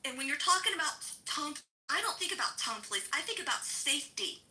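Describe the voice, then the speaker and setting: A woman's voice: high-pitched, animated, brisk, bright, forceful tone, soft background music, rough recording. A middle-aged woman in a heated, sarcastic, swearing rant to a social audio room.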